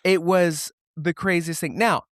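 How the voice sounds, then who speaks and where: A show host and theatre director chatting with a guest, telling animated anecdotes, acting out quoted voices and swearing casually. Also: medium pitch, unhurried, no room sound, studio quality. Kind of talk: casual interview chat.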